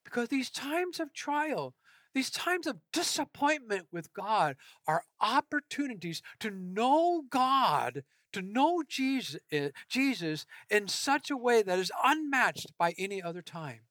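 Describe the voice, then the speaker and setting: Bright, dry-voiced earnest pastor preaching. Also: mid-range voice, big pitch swings, a little slow, no echo. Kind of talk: sermon.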